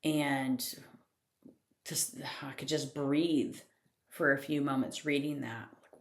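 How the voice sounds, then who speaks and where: A woman's voice: a bass voice, a little slow, a little mellow. A woman hosting a podcast, telling her personal story in a candid, casual way, laughing often and swearing lightly. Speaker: podcast host. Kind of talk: reflective personal storytelling monologue.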